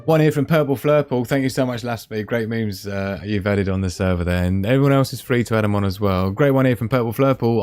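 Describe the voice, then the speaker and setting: A man's voice: mid-range voice, fairly quick, a little mellow, dry recording. A man hosting a casual live stream, chatting and laughing as he reads out memes. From Scotland.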